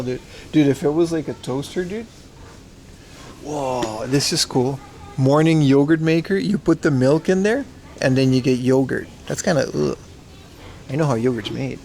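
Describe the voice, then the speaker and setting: A man's voice: mid-range voice, darkish tone, a little hiss or hum. A man casually chatting on a livestream as he browses a secondhand shop, slangy and talkative, answering his chat.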